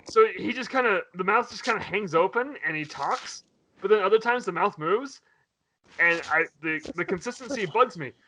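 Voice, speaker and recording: Animated high-voiced man. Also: moderate pace, slight background noise. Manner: animated, swears and laughs while retelling. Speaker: podcast host. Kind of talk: casual chat.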